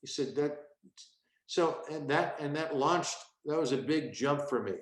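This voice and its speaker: A man's voice: on the high side, measured pace. A man in his sixties, a stand-up comedian, tells stories from his career in an interview and acts out bits of his old act. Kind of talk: storytelling interview. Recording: echoey room.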